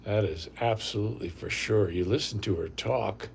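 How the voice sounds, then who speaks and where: Older guy ranting on a home livestream, low gravelly voice, bit of hiss behind. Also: moderate pace. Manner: rambling, blunt, repeats himself. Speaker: livestream host. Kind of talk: casual livestream rant.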